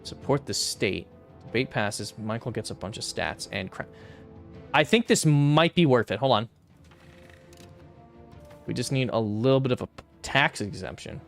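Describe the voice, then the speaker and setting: A man's voice: mid-range voice, lively intonation, moderate pace, gravelly, long pauses, soft background music. A young man streaming a strategy game, casually thinking aloud through his moves and muttering calculations, now and then flaring into exasperated rants. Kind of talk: casual gameplay commentary.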